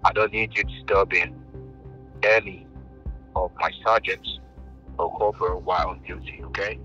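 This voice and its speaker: A low-voiced man lectures in a stern, bossy way, his tone sharp and pressing. He comes through a muffled, lo-fi phone line. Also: fairly even intonation, moderate pace, faint music behind. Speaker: scammer posing as a military commander.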